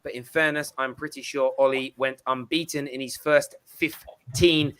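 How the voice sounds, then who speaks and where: Man, show host, bright tense voice, playful banter. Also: mid-range voice, fairly even intonation, normal speed, clear, resonant tone. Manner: playful banter, reads out comments. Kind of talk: fan reaction show chat.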